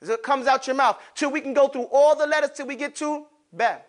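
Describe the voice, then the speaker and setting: In this classroom lesson, a man with an extremely high-pitched voice teaches Arabic letters at a slightly quick pace. He's lively, asking questions, answering some himself, and calling on students, with casual slang tossed in.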